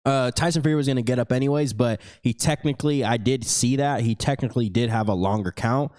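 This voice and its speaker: A man with a mid-range, darkish voice talks fast as a podcast co-host, with no room sound. He chats casually, rambling and swearing freely.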